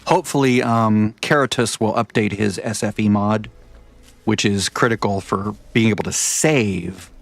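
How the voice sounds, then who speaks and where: His voice is on the low side, gravelly and steady, and he never hurries. He's a gaming vlogger who chats loosely over his gameplay, wandering off topic and correcting himself often.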